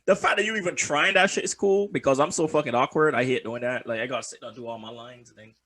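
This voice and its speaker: A man's voice: medium pitch, fast talker, a bit bright. A young man co-hosting a podcast in casual chat, joking loosely, swearing freely and laughing often. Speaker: podcast co-host.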